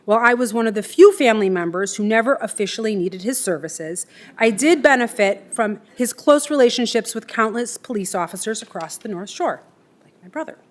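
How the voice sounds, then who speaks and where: A woman reads a eulogy for her father. Her delivery is tender and steady, with emotion running underneath it. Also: a little high, a little fast. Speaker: daughter giving a eulogy. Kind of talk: read eulogy.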